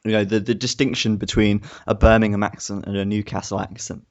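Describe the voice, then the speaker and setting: A man's voice: on the low side, flat delivery, a little fast. A young man from England co-hosting a podcast, chatting in a reflective, easygoing way and laughing often. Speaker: podcast co-host. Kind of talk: casual chat. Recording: muffled lo-fi audio.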